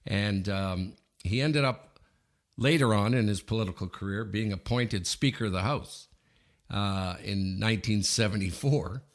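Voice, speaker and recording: A man in his fifties from Canada, co-hosting a podcast and telling an anecdote in a lively way, often checking in with "okay?". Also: lowish voice, unhurried. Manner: animated anecdote teller, frequent "okay?" check-ins. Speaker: podcast co-host. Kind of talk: casual storytelling.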